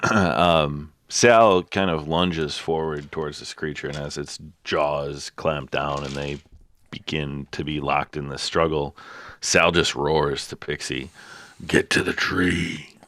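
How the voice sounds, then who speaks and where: A man's voice: very deep voice, fairly even intonation, slow, fairly bright tone. A man playing a tabletop game, describing his moves and checking rules matter-of-factly. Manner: matter-of-fact rules talk. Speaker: player.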